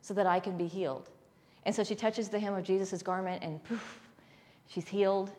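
A woman's voice: medium pitch, fairly even intonation, moderate pace, darkish tone. A woman leading a spiritual talk with a congregation, telling stories playfully and laughing often. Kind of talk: spiritual talk with call-and-response.

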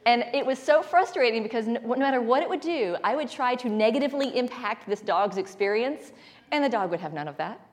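A woman's voice: fairly high pitch, animated, brisk, slight background noise. A woman leading a spiritual talk with a congregation, telling stories playfully and laughing often. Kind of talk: spiritual talk with call-and-response.

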